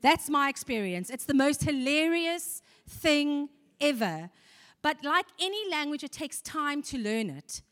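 Woman preacher with a slightly high voice, earnest and chatty with the congregation, recorded in a hall with a long echo. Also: very animated, measured pace, fairly bright tone. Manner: earnest, conversational, with rhetorical questions to the congregation. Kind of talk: sermon.

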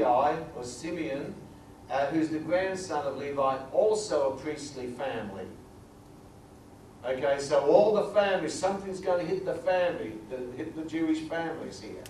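A man teaching a sermon through numbered points, reading scripture slowly and with emphasis. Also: a little high, a little hiss or hum. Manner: grows quiet and emotional at times. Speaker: preacher. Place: large echoey hall. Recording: echoey hall recording from far off.

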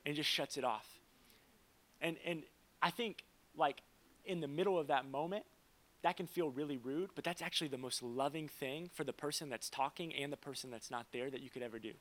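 Speaking in a slightly high voice, a young pastor gives a laid-back, conversational sermon. Quick asides and humorous anecdotes pepper his delivery.

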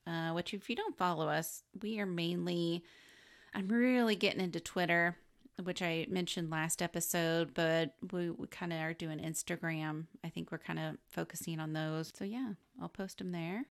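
A woman co-hosting a casual movie podcast, relaxed and laughing often, going through her notes. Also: on the low side, moderate pace. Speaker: podcast co-host. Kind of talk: casual movie-review chat.

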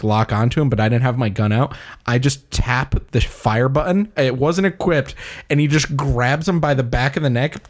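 A man in relaxed, casual conversation, describing a moment from a game he has played. He chuckles as he goes and slips into brief impressions of its characters. His voice sits at an average pitch for a man. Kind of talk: casual gaming chat.

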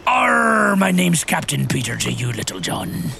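A man's voice: fairly high pitch, wildly swooping pitch, measured pace, vocal fry, background noise, exaggerated voice. A man playing a blustery boat captain who talks like a pirate, full of growled arrs and corny jokes. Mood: blustering.

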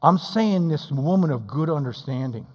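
A male pastor preaches with a fairly high voice that rings through a long hall reverb. He swings from shouting down to hushed, close tones and acts out quotes with playful voices. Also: lively intonation, moderate pace, muffled recording. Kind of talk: sermon.

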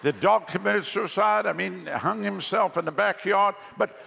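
A man's voice: high-pitched, moderate pace, gravelly, bright, forceful tone, a little hiss or hum. A male pastor preaching a sermon, telling jokes and stories to the congregation in a large church hall. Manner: joking, storytelling preacher. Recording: long hall reverb.

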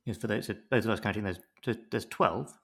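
A man's voice: lowish voice, quick pace. A man co-hosting a podcast, chatting casually and jokily acting out quotes in different voices. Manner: animated, jokey, acts out quotes in voices. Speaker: podcast co-host recapping a TV episode. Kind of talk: casual chat.

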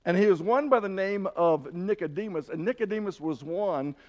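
A man delivers a Sunday sermon with an earnest, encouraging tone, his voice sitting a touch higher than most men's. He often backs up and restarts a phrase before pressing on. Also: normal speed. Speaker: preacher.

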